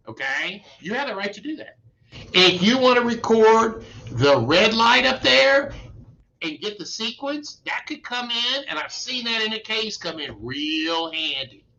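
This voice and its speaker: Folksy attorney in his sixties, high bright voice, emphatic, casual advice talk. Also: highs cut off. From Texas. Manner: folksy, emphatic, keeps asking "okay?". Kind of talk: informal legal advice talk.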